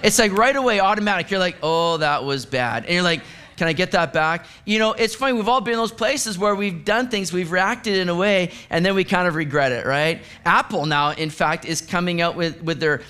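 Male pastor, higher-pitched voice, chatty sermon delivery with playful acted asides. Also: fairly quick, smooth. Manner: conversational, animated preaching with acted asides.

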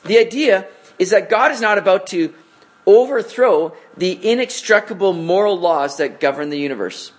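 A man leading a Bible study with a fairly high, light voice. He explains scripture in a relaxed, chatty way and reads passages aloud, checking in with rhetorical questions as he goes. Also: moderate pace. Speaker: Bible teacher. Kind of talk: conversational Bible study teaching.

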